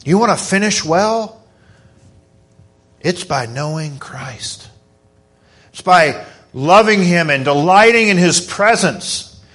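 A middle-aged man delivers a church sermon in a high, hoarse voice. He drops to quiet, drawn-out phrases, then climbs into fast, excited passages. The tone stays fervent and earnest throughout. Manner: fervent, rising to excited emphasis. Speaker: preacher.

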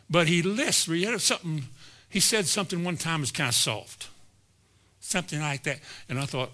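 Folksy bright-voiced preacher telling stories. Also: male voice, a little high, normal speed. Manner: folksy anecdotal preaching, shifting between soft asides and sudden emphatic rises. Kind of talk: sermon storytelling.

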